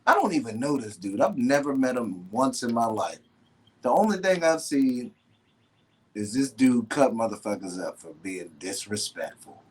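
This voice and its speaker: A man, a guest, telling stories in an animated, slangy way with frequent swearing. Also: medium pitch, moderate pace, slight background noise. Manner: animated, slangy storyteller who swears often. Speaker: guest, professional wrestler. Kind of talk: casual storytelling.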